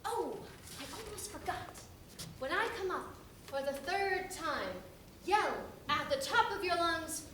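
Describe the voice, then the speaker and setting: Woman doing a sly wheedling con guy who fakes drownings, high voice, echoey hall, way off mic. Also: expressive, a little slow. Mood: scheming. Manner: wheedling, theatrical, haggling. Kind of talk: amateur stage acting. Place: theater stage. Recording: echoey hall, from far off, noisy.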